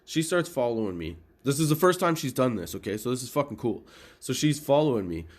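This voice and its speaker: Middle-aged male podcast host, mid-pitched, profane and animated comic storyteller. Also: fairly quick. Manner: profane, animated, laughs at own stories. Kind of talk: casual comedic storytelling.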